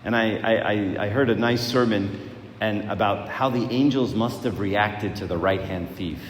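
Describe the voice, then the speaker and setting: Low-voiced male preacher in an echoey hall. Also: moderate pace. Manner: conversational, repeats words, asks rhetorical questions. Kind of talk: sermon. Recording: echoey hall, faint noise.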